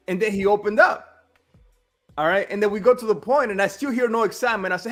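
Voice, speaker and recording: Blunt high-voiced man talking business. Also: quick pace, faint music behind. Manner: blunt, emphatic, repeats "all right?" and "dude". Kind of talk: casual business chat.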